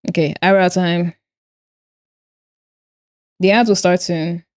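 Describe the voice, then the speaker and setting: A woman's voice: on the low side, steady tone, slow, dry recording, studio quality. A young woman streamer chatting casually and playfully with her viewers while she draws, often breaking into giggles. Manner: playful, giggly, talks to chat. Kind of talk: casual live-stream chat while drawing.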